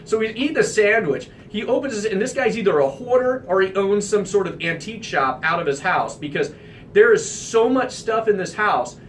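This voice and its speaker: A man from the American Midwest hosting a radio talk show, telling an anecdote in an animated, emphatic way. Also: high voice, moderate pace, far from the mic, slight background noise. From Midwestern United States.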